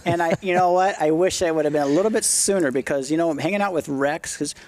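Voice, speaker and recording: Speaking quickly in a somewhat high, slightly mellow voice, a middle-aged man guests on a podcast as a retired motocross racer. His casual storytelling is blunt and profane, and he acts out the quotes within his tales.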